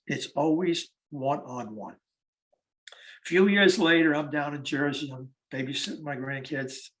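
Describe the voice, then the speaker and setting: A man of eighty telling stories about the war veterans he interviewed, acting out the conversations. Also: medium pitch. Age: 80s. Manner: animated storyteller acting out conversations. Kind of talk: storytelling talk.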